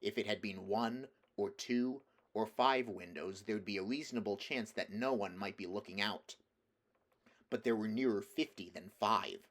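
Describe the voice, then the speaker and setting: Male storybook narrator, lowish voice, steady and measured audiobook read. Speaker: audiobook reader.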